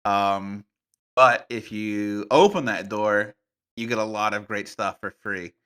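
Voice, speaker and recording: A man chats as a guest on a tabletop gaming podcast, his voice sitting fairly low yet sounding bright and forceful. He tells his stories playfully and with animation, dropping in fillers along the way. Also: slow, smooth. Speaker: podcast guest, game master. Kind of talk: casual podcast conversation.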